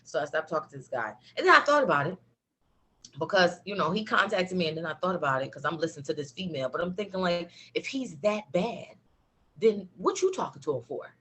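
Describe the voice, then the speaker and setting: A woman telling a personal story in a casual chat, animated, laughing, with lots of fillers. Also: lowish voice, brisk, breathy edge. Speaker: guest.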